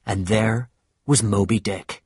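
A man reading a storybook aloud as narrator, slow and measured, with a husky voice. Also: fairly low pitch, steady tone, a little mellow, no room sound, studio quality.

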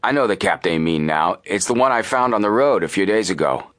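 A man reading a storybook voices a gruff, hostile red-haired man who speaks curtly. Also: fairly low pitch, animated, fairly quick, fairly bright tone, no room sound, clean studio sound, pitched above the performer's own voice. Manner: gruff, curt.

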